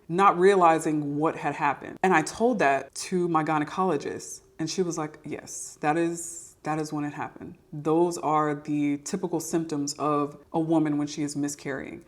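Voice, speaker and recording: A woman's voice: low-pitched, steady tone, moderate pace, hardly any pauses. A woman, sharing a personal testimony on her podcast in an earnest, confessional way, often repeating herself for emphasis. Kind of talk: personal testimony, casual and candid.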